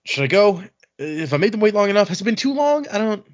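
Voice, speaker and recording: Guy reading as a jittery exasperated forty-something lord, lively voice, kinda lo-fi. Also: medium pitch, fairly quick. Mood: flustered, exasperated. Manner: nervous, exasperated. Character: flustered 42-year-old male nobleman, former lawman.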